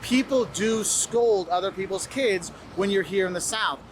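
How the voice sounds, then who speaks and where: High-voiced man giving friendly advice. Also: a little slow, a little hiss or hum. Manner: friendly, instructive, acts out locals' lines. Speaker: travel video host. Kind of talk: advice video, spoken to camera.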